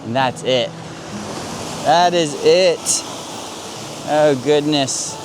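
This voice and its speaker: Brief: man, outdoor photo vlog, exclamatory, self-deprecating, slow and unhurried. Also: a little high, music in the background. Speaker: photographer vlogger. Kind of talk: casual vlog talk on location. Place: outdoors on a rocky coast by a castle.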